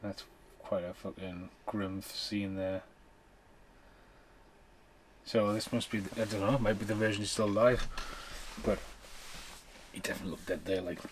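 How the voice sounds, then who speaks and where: A man's voice: lowish voice, fairly even intonation, moderate pace, long pauses, a little hiss or hum. A man hosting a movie commentary podcast, talking over the film in a blunt, sweary, casual way. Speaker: podcast host.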